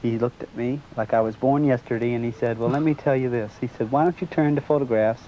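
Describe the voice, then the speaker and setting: A man's voice: medium pitch, fast. Man telling his story, muffled lo-fi. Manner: animated retelling, acts out quoted dialogue. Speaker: interviewee recounting a sighting. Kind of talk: casual storytelling interview. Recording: muffled lo-fi recording, faint background noise.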